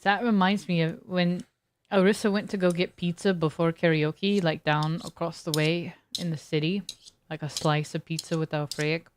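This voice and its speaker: Rambling young woman streamer, low smooth voice. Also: steady tone, normal speed. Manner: rambling storytelling with many fillers. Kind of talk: casual chat while gaming.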